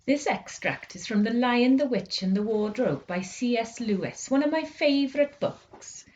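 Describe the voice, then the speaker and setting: Brief: woman, bright storybook reading, voice rising and falling, muffled lo-fi sound. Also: on the high side, expressive, normal speed. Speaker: school reader. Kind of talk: reading a children's book aloud. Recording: dull lo-fi recording.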